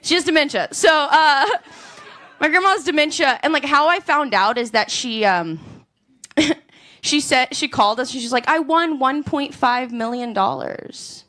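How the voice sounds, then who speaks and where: A woman doing a stand-up comedy set on a club stage, with deadpan, drawn-out punchlines. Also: high-pitched.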